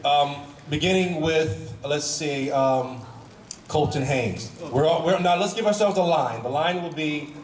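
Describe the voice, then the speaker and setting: A man's voice: on the high side, moderate pace. A man speaking as a guest on a convention panel, telling stories animatedly, laughing and restarting often. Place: large convention hall. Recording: echoey hall from far off, noisy.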